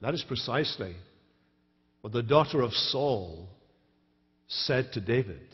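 A man's voice: mid-range voice, lively intonation, a little slow, pauses often, slightly rough. A man, a pastor preaching a sermon with storytelling and dry humor in a large church. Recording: reverberant church hall, dull live stream.

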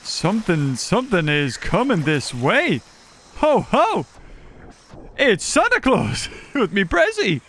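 A man's voice: high-pitched, huge pitch swings, slow pace, fairly bright tone, slight background noise. A man giving casual, chatty commentary while playing a survival game, giggling and talking to the animals on screen. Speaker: gaming YouTuber. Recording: game music behind the voice.

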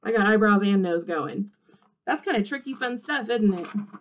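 A kindergarten teacher, a woman, reads an interactive movement book aloud to young children in an animated, encouraging sing-song. Her voice is mid-range and her speed is normal.

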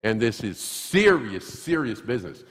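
A male pastor preaching a sermon in a church, emphatic and animated, acting out little scenes. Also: lowish voice, a little slow, big-room sound. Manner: animated, acts out quotes, emphatic repetition. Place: church sanctuary.

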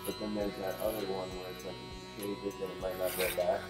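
A man with a low voice chats from the barber's chair, joking and telling loose stories. His talk is easygoing and playful. The shop echoes, and music plays in the background. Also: flat delivery, fast talker. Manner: joking, chatty storyteller. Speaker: client getting a head shave. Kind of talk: casual chat.

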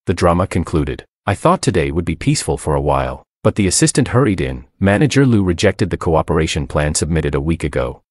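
A man reads a first-person story aloud, voicing every character himself with only light changes. His voice sits very low but swings widely up and down. The sound is dry and close, with no room around it. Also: sing-song, fairly quick, hardly any pauses, no room sound. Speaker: narrator.

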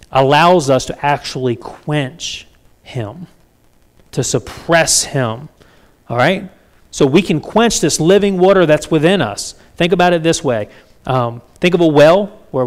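Pastor with a fairly high voice. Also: male voice. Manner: conversational, asks the congregation frequent questions. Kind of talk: sermon.

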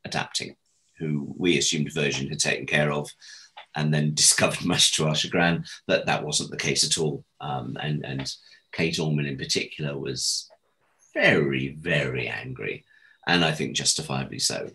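A man's voice: moderate pace, low-quality recording. A middle-aged man telling anecdotes as an interview guest. He laughs at himself and acts out the quoted lines. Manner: animated, acts out quoted dialogue with big jumps in pitch; self-deprecating, laughs while telling stories. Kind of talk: anecdotal storytelling in conversation.

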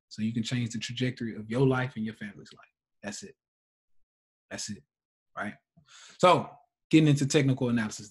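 A man's voice: mid-range voice, a little mellow, husky. A man running a live trading class, blunt and profane, laughing often between points.

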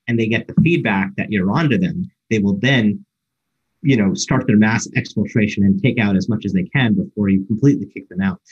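Husky low-voiced man giving a keynote. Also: darkish tone, lo-fi sound. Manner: explanatory, many fillers and restarts. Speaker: keynote speaker. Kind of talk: conference keynote talk.

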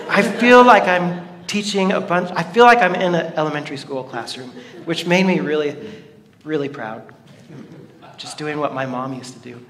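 In a reverberant church hall, a male pastor with a high-pitched, fairly bright voice preaches to his congregation. His delivery is playful and full of jokes.

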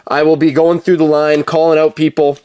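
A man's voice: on the high side, little pitch movement, brisk, mellow, clear, resonant tone. A man hosting a live card-break stream, chatting casually with viewers, with lots of fillers, and calling out cards as he opens packs. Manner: chatty, filler-heavy, calls out cards while talking to viewers.

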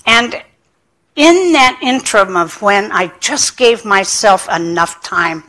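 A woman speaking at a lecture, telling her own recovery story with self-mocking humor and acting out the people in it. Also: mid-range voice. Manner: animated storytelling, acting out quoted dialogue. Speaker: addiction specialist speaker.

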